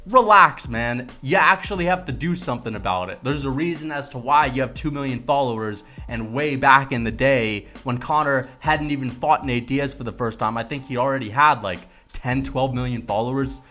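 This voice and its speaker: A man ranting to camera about fighters, casual and profane, with emphatic, animated delivery. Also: mid-range voice, moderate pace, hardly any pauses, faint music behind. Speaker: MMA commentary vlogger. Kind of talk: casual opinion rant to camera.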